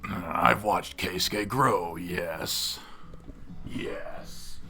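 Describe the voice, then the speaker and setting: A man voicing a gruff adult male butler and bodyguard in a gravelly, drawn-out snake impression, slow, low and dry. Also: bright, forceful tone, soft background music, full character voice.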